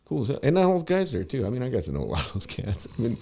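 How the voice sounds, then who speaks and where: A man's voice: medium pitch, huge pitch swings, very fast, vocal fry, warm tone, slightly rough. A man guesting on a podcast, telling a rambling story in a casual, profane way full of fillers.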